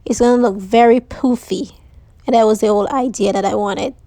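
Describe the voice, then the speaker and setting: A woman's voice: medium pitch, steady tone, brisk, mellow, no room sound. A woman hosting a DIY craft tutorial, chatting casually and saying she is losing her voice. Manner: chatty, uses "like" and "so yeah". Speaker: DIY crafts channel host.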